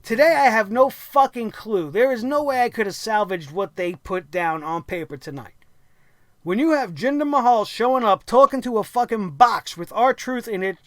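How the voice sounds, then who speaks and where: A man's voice: sits high, animated, moderate pace, no room sound, clean studio sound. A man hosting a wrestling review show, ranting angrily and sarcastically with lots of profanity.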